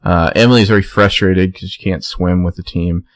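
In a dry recording, a man with a low-pitched voice speaks at normal speed while co-hosting a podcast. He casually recaps scenes, narrating in a relaxed way and performing quotes from the characters.

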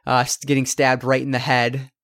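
A man's voice: mid-range voice, completely flat delivery, moderate pace, a bit bright. A man co-hosting a casual film review podcast, talking in a rambling way with many fillers and restarts. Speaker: podcast co-host.

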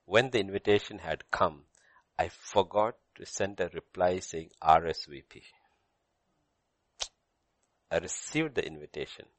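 Man, pastor, sermon, very low voice, repeats for emphasis, dry recording. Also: a little slow, pauses often, no echo. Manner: storytelling, acts out dialogue, repeats phrases for emphasis. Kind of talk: sermon with Bible teaching.

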